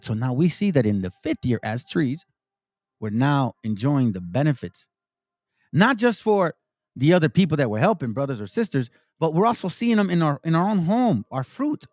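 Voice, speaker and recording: Man, casual slangy preaching, animated pitch, dry close sound. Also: no echo. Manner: casual slang-laced preaching, reads verses aloud and explains. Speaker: preacher teaching scripture. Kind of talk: informal scripture teaching.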